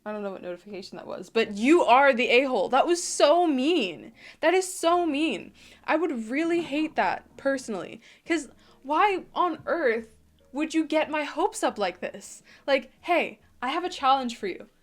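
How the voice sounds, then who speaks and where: Animated young woman reacting emphatically. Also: high voice, normal speed. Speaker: YouTube host. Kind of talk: casual reaction commentary reading an online post aloud.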